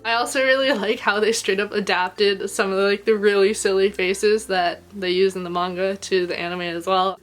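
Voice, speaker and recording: A woman's voice: normal speed, a bit bright. Gushing, chatty woman reviewing anime. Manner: chatty and gushing, heavy use of "like"; pitch climbs when emotional. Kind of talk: casual video review.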